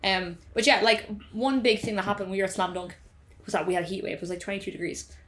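A woman, a musician guest on a podcast, talking bluntly in a casual chat. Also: medium pitch. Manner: chatty, blunt, quick to laugh along.

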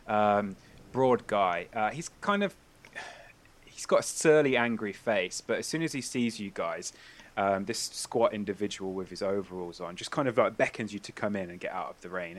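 A man as game master, narrating a tabletop role-playing game in a descriptive, halting way. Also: fairly low pitch. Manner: descriptive, halting with fillers and restarts.

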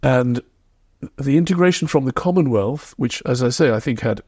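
A man being interviewed as a historian, explaining in a reflective, measured way. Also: medium pitch, animated, darkish tone, breathy edge, dry recording, clean studio sound. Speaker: historian guest. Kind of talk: podcast interview.

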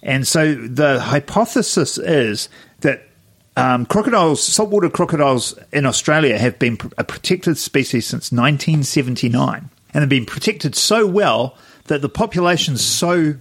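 Husky kiwi bloke co-hosting a podcast, relaxed and easygoing. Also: male voice, a little high, moderate pace. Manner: laid-back, brings up news stories. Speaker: podcast co-host. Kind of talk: casual chat.

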